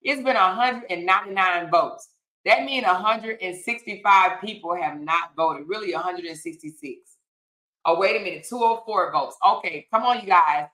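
Brief: woman livestream host, bright voice, laughs a lot, folksy y'all and honey. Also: on the low side, moderate pace. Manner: laughs often, drawls y'all, child and honey. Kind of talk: casual live-stream chat reading comments.

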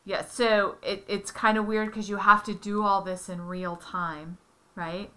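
Slow, patient woman tutoring. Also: medium pitch, flat delivery, pushed and bright. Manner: patient, explains step by step with examples. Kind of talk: one-on-one Spanish lesson.

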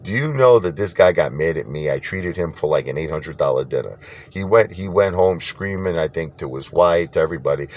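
Blunt man with a very deep voice. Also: lively intonation, fairly quick, darkish tone. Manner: blunt, rambling, repeats himself. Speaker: vlogger. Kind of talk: casual rant to camera.

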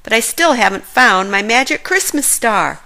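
A jolly old Santa Claus, voiced by a woman in a children's storybook. He speaks heartily, and the voice is bright. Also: a little high, animated, normal speed, vocal fry, full character voice, poor audio. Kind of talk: children's storybook read-aloud.

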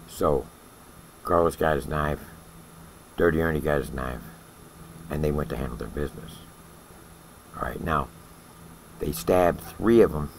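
A man's voice: extremely low pitch, normal speed, creaky, long pauses, a little hiss or hum, rough recording. An older man who served time in prison, casually telling a story in a blunt, profane way and often checking in with "all right?".

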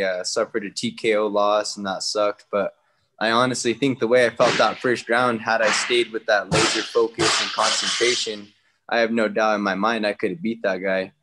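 A young man from New Mexico, a guest fighter talking casually in an interview, relaxed and slangy. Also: on the low side, very noisy. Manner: relaxed, slangy, retells talks with others in quoted bits.

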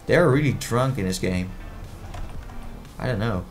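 A man's voice: fairly low pitch, lively intonation, measured pace, pauses often, soft background music. A man commentating his own gameplay in a playful, easily exasperated way, often stammering and repeating words. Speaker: gaming commentator.

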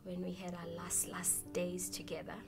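Soft-spoken South African woman, hushed. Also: lowish voice, completely flat delivery, moderate pace, gravelly. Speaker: interview guest. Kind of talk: personal recollection. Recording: music playing underneath. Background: music.

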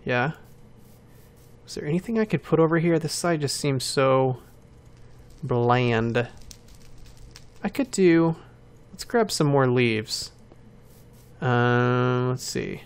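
A man's voice: medium pitch, slow pace, pauses often, clean tone. A man hosting a game channel, giving casual commentary while building and thinking aloud, with self-mocking asides.

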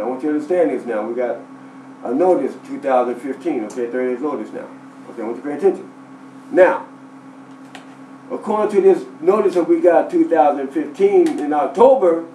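Man, high voice, emphatic, repetitive, tenant's story, echoey room, distant mic. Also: darkish tone, slight background noise. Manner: emphatic, repeats himself, quotes others. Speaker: tenant telling his story. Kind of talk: animated personal account. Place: inside a rented house.

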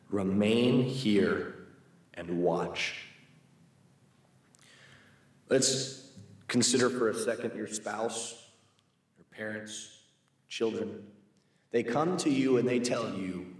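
A man's voice: lowish voice, takes it slowly, long pauses. Man teaching a church Bible class, echoey. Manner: asks the class questions, reads scripture aloud. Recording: echoey room, mic far off.

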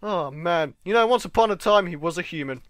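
A British man giving excitable let's-play commentary, yelling and pleading at game mobs and bantering with the creatures. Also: high voice, a little fast, slight background noise. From Britain. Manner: jokey running chatter with game creatures. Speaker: gaming channel host.

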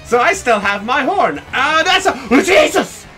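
A male game streamer giving excitable live commentary, laughing often and chatting with viewers. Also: very high-pitched, normal speed, over music.

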